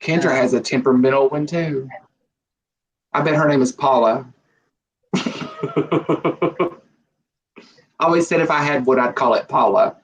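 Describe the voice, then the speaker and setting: A man's voice: mid-range voice, unhurried, pauses often, poor audio. A man, chatting casually on a live stream and telling joking stories with frequent laughter. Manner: joking storyteller, laughs often.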